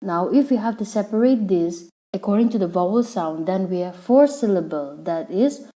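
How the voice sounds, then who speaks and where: A woman teacher explaining a lesson patiently, repeating each word slowly so the syllables come through. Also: medium pitch, expressive, dark tone, rough recording. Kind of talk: slow classroom explanation.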